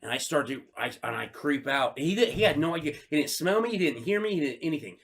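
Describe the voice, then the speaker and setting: A man co-hosting a casual podcast chat, swearing freely and acting out his own story with loud outbursts. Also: a little high, fast talker. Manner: animated storyteller, swears a lot, acts out his own lines loudly. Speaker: podcast co-host.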